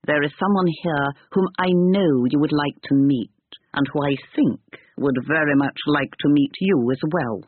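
A pompous elderly gentleman, proud and sentimental, speaking with grand formality, as a man reads him. The husky voice comes through a thin, tinny channel with a dry close sound. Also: a little high, moderate pace, dry recording. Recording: tinny narrow-band recording.

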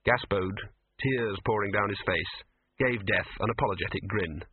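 A man narrating a story in an expressive, animated way. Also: lowish voice, moderate pace, husky, dry recording. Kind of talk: audiobook reading on radio. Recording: narrow phone-like radio sound, dry.

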